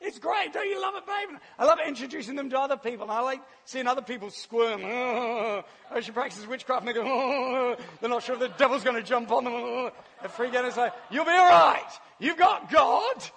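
Husky high-voiced New Zealand preacher. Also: male voice, brisk, few pauses. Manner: animated storyteller, laughs often. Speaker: church speaker. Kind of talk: sermon with personal testimony. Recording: long hall reverb.

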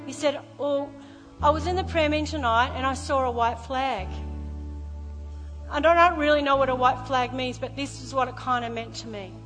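Woman pastor, middle-aged, impassioned storytelling sermon, moves between hushed and loud; long hall reverb. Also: high-pitched, moderate pace, faint music behind. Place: large church hall.

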